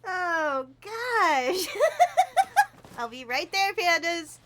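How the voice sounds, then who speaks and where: Bubbly high-voiced woman streamer. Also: very animated, drawn-out words, very noisy. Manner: bubbly, giggly, talks to chat. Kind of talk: casual gameplay livestream chat.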